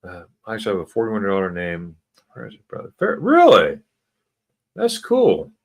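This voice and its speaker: An American man hosting a casual livestream chat, reading viewer comments aloud and slowly sounding out German words. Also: on the low side, huge pitch swings. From United States. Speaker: livestream host. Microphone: computer mic for a livestream.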